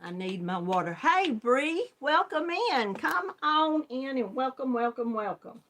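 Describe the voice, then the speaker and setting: Slight background noise accompanies this unhurried, fairly bright, high-pitched female voice with big swings in pitch. She's a middle-aged Southern US woman running a crochet channel, chatting warmly with viewers, laughing a lot and calling them hon as she says hello.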